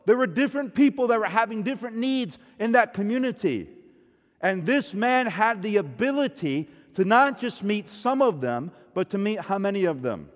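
A man's voice: high-pitched, sing-song, moderate pace, big-room sound. A man preaching a sermon with emphatic, rhetorical questions to the congregation.

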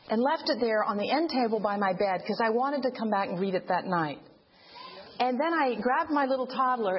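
A woman with a high, slightly husky voice tells a personal faith testimony in an earnest storytelling way. Her pitch climbs when she relives her cries to God. The recording is dull and lo-fi. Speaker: widow giving a testimony.

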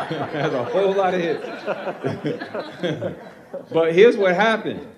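A man, a pastor, telling a personal ministry story at a panel Q and A, animated and acting out the voices of the people he quotes. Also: high-pitched, drawn-out words, a crowd in the background.

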